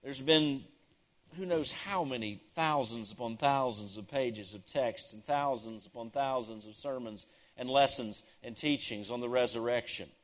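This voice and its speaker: Male pastor, sermon delivery, mid-pitched voice, emphatic repetition, rises to ringing declarations, drops to hushed tones. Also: moderate pace. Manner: swings from loud declarations to hushed, near-whispered lines; emphatic, repeats key phrases.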